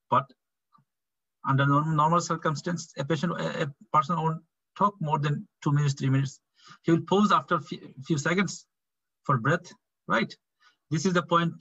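Bangladeshi clinical tutor, male, thirties, repeats key points, slightly high voice over a dull call line. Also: bright, forceful tone, dry recording. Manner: repetitive, acts out doctor-patient dialogue. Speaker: clinical teaching fellow. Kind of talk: online medical teaching session.

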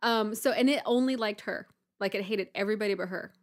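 Woman podcast host telling a story, animated, acts out panicky voices, mid pitch. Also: fast. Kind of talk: casual storytelling chat.

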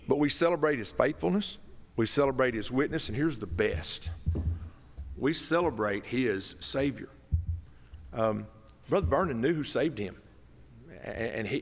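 A pastor giving a folksy, emotional funeral sermon that rises to loud emphatic peaks. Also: male voice, medium pitch. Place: church sanctuary. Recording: long reverb in a church hall.

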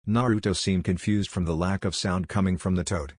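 A man narrating a fan-fiction story aloud in an even, unhurried reading. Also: deep voice, dry recording, clean studio sound.

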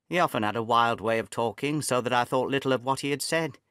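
Measured male audiobook narrator. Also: medium pitch, a bit bright, no echo, clean studio sound. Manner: measured, clear storytelling. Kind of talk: scripted narration for English learners.

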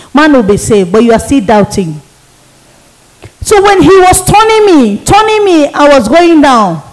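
A woman's voice: high-pitched, rough recording. A woman evangelist, giving an emotional sermon testimony and repeating phrases for emphasis. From Nigeria.

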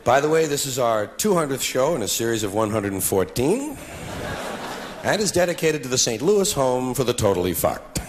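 Man, stand-up comedian, wildly swinging pitch, sardonic, mock-solemn asides, noisy live recording. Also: very animated, moderate pace. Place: live stage before an audience.

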